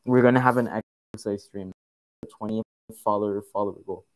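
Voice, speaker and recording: A man's voice: fairly low pitch, steady tone, fairly quick, no echo, rough recording. Jumpy young male game streamer. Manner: jumpy, repeats himself, thanks followers over and over. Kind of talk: casual live game commentary.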